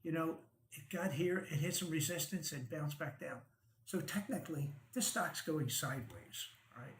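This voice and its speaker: A man's voice: fairly high pitch, normal speed, reverberant, a little hiss or hum, poor audio. A man hosting a stock market show, walking through charts in a casual, conversational way, often checking in with "right?" and chuckling wryly. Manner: conversational, frequent "right?" and "okay?" check-ins, wry chuckles.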